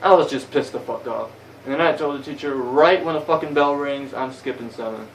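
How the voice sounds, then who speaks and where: A man's voice: mid-range voice, fairly quick, far from the mic, slight background noise, poor audio. Profane, rambling young man on a phone. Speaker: vlogger. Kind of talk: casual storytelling vlog. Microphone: phone camera.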